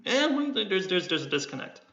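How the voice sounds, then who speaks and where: A man's voice: sits high, big pitch swings, fairly quick, sharp tone, a little hiss or hum. A man coaching on sales in a casual livestream, rambling and repeating words while he acts out tones of voice, with keyboard typing behind him. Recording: echoey room, dull lo-fi sound.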